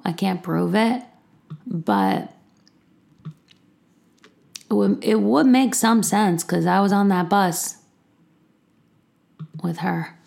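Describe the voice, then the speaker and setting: A woman's voice: fairly low pitch, takes it slowly, creaky, long pauses, a little mellow. A woman telling a candid personal story, chatty and self-deprecating, often acting out both sides of a conversation.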